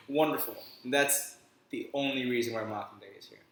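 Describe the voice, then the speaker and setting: A man's voice: mid-range voice, lively intonation, unhurried, very noisy. A man of about twenty co-hosting a podcast in a giggly, rambling, self-mocking way. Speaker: co-host. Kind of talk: casual podcast chat. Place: college house room. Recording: echoey room, far from the mic.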